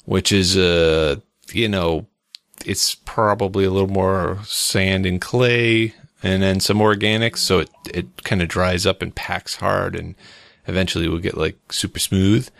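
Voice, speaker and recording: Gravelly, animated podcast guy. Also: unhurried, no echo, clean studio sound. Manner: enthusiastic, exaggerates with animated jumps in pitch. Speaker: podcast co-host. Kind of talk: casual chat.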